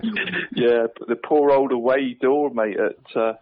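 A man's voice: medium pitch, fairly even intonation, unhurried, phone-quality sound. A man co-hosting a podcast in casual chat, matey and laughing often. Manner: matey, laughs often, says mate constantly. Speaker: podcast co-host.

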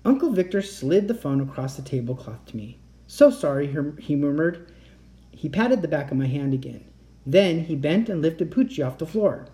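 A man reading a children's chapter book aloud in a lively storytelling way. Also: fairly high pitch, moderate pace. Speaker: audiobook reader. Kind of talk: scripted narration.

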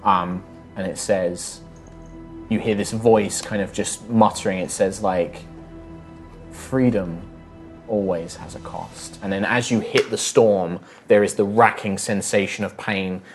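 Low-voiced man narrating as game master. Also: steady tone, soft background music. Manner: slow, hesitant descriptive narration with fillers.

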